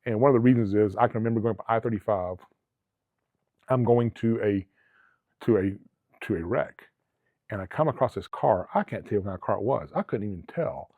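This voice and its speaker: Briskly, with long pauses, a middle-aged former cop from Alabama who runs a travel agency shares stories in a casual interview, his voice on the low side. He comes across earnest, rambling, and quick to restart. The sound is dry and tinny, like a phone line, with no room sound.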